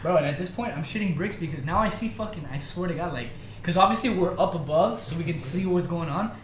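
High-voiced young man telling a wild story. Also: fast, echoey room, slight background noise. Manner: animated storytelling with heavy swearing. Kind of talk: casual chat among friends.

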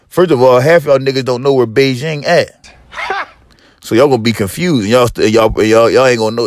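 A man hosting a podcast, telling a profane comedic monologue with lively storytelling, acting out other people and rising to yelling. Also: medium pitch, moderate pace, no room sound. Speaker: podcast host.

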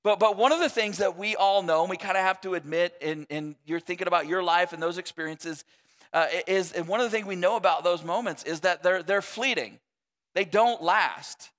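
High-voiced man preaching in a reverberant hall. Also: fairly bright tone. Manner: conversational, self-deprecating, jokey asides. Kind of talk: sermon. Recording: long reverb of a large hall.

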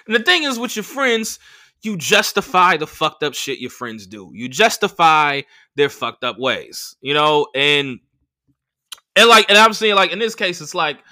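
A young man hosting a podcast, talking in a high, swooping, very bright voice. He tells a rambling dating story and curses freely. He acts out each person's lines in the story. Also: a little slow. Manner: profane, animated, acts out quoted voices. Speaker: podcast host. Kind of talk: casual storytelling monologue.

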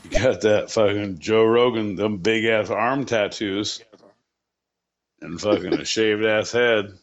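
A man's voice: lowish voice, slow, highs cut off. A man co-hosting a podcast, joking around in a crude, profane, rambling way. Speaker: podcast co-host. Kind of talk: casual comedic chat.

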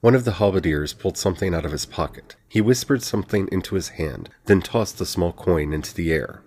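A man narrating a fantasy audiobook in an even, steady reading. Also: low-pitched, brisk, slight background noise.

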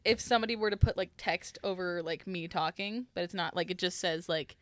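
A woman's voice: fairly low pitch, fairly quick, no room sound. A woman in her twenties co-hosting a podcast, rambling and giggling through casual chat and swearing freely. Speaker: podcast co-host.

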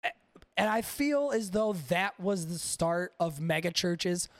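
A man's voice: high-pitched, animated, measured pace, dry recording. A man hosting a podcast in casual, rambling chat, swearing freely and talking to his live chat. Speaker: podcast host.

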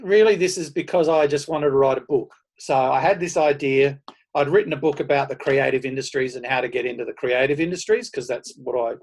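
A man, telling his running stories in a casual, self-deprecating and animated way. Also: mid-range voice. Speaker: podcast guest, runner. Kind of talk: casual storytelling.

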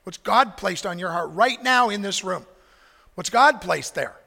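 A man's voice: high voice, lively intonation, unhurried, vocal fry, bright, forceful tone, in a large hall. A male pastor preaching a sermon in a conversational way, mixing anecdotes with scripture.

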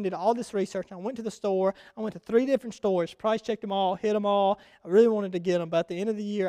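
A young man preaching a conversational sermon, telling stories with lively restarts. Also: high-pitched, clear, resonant tone, no echo, studio quality. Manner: conversational, animated storytelling with frequent restarts. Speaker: pastor.

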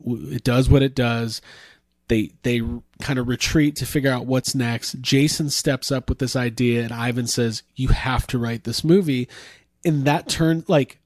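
A man hosts a podcast in casual chat, telling stories with excitement and the odd swear word. His voice sits mid-range and sounds dry and close. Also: medium pitch, moderate pace, no room sound. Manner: enthusiastic, swearing, storytelling.

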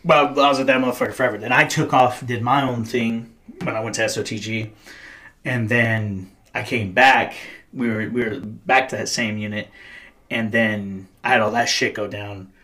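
A man's voice: mid-range voice, fairly even intonation, normal speed, pushed and bright. A man in his thirties, a podcast host, telling stories in casual, profane, slangy chat. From United States.

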